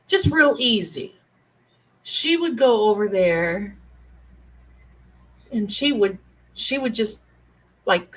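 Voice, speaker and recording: A middle-aged woman hosting a livestream, telling a family story in a chatty, animated way and acting out the relatives she quotes. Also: mid-range voice, rough recording. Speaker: livestream host, tarot reader.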